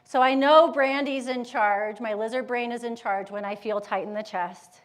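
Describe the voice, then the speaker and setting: A woman with a voice on the high side speaks to a live audience as a motivational speaker and yoga educator. An adult with school-age children, she's lively and talkative, posing questions to the room and animatedly acting out inner voices with brief quotes.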